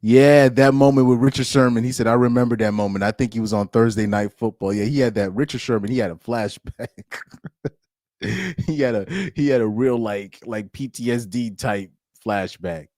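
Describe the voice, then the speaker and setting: A man's voice: mid-range voice, normal speed, a little mellow, no echo, studio quality. A man hosting a casual live stream, reacting to a football game and laughing often as he rambles. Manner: laughs often, loose and rambling with many restarts.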